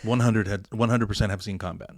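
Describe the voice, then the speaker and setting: A man's voice: lowish voice, steady tone, fast talker, dry recording, clean studio sound. A man, a pastor and military veteran, telling his story in a candid podcast interview with earnest emphasis.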